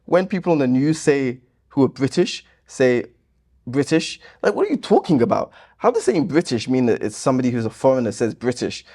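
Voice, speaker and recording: Mellow-voiced guy ranting back at comments, sarcastic, exasperated, pitch jumping around. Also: a little fast. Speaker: YouTube host reacting to comments. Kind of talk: casual commentary reading comments.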